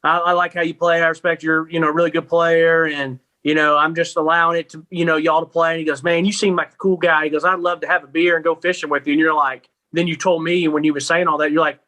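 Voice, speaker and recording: A man's voice: a little high, little pitch movement, quick pace, hardly any pauses, sharp tone. A young man co-hosting a sports podcast, telling stories in an easygoing, chatty way. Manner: easygoing storytelling with fillers. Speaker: podcast co-host. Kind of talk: casual sports podcast chat.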